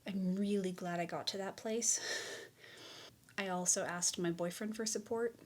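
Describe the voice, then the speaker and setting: Woman vlogging about her feelings, earnest and candid, middle pitch, talks to camera at home. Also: fairly even intonation, moderate pace. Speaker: mental health vlogger. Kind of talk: personal explainer talk to camera.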